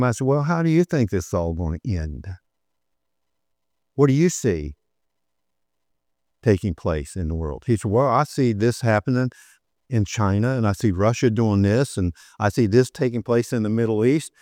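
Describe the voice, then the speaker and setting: An older man delivers a sermon in a conversational storytelling way. He pushes into emphatic, repeated lines and slows right down when he reads scripture. The sound is dry and close, and his voice sits at an ordinary middle pitch. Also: animated, a little mellow, no room sound. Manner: storytelling, rising to emphatic preaching, slowing for scripture. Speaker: preacher.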